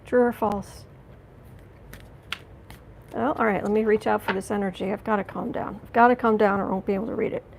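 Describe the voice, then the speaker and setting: A tarot reader hosting a live stream reads viewer comments aloud and answers them back with heat and indignation, restarting and apologizing often. Her voice is medium-pitched and creaky, fairly quick and fairly even, with frequent pauses. The recording is low quality, with a slight hiss or hum.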